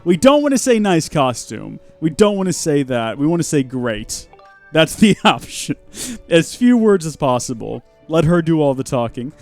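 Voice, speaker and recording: A man's voice: on the high side, sing-song, normal speed, soft background music. A man hosting a live game stream, with goofy, rambling and chatty commentary.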